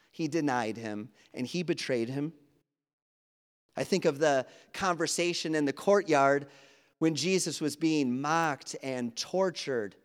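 A man's voice: fairly high pitch, clear, resonant tone. Earnest man preaching in a reverberant hall. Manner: earnest, conversational preaching with quoted dialogue. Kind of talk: sermon. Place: church sanctuary.

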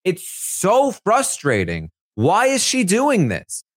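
A man's voice: high voice, wildly swooping pitch, takes it slowly, voice pushed up, full character voice. A man voicing an exasperated young woman who complains in a whiny, frustrated way. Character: exasperated young woman venting about an ally.

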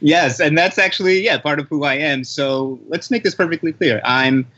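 A man's voice: fairly high pitch, moderate pace, sharp tone, dull audio. A man from America, guesting on a podcast, speaking earnestly and confidently with a playful edge. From America, of Haitian parents. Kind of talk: casual podcast chat.

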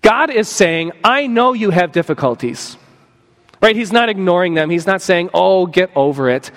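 Pastor preaching with a high voice. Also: male voice, lively intonation, fairly bright tone. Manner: earnest, voices imagined speakers, slows for emphasis. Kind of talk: sermon. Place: church sanctuary. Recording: long church reverb.

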